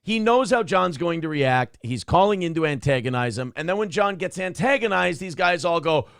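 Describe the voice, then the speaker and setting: A man's voice: a little high, expressive, normal speed, creaky, a bit bright, clean tone, no echo, clean studio sound. A man hosting a talk show, giving blunt, profane commentary on a clip in a casual, ranting way. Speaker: show host.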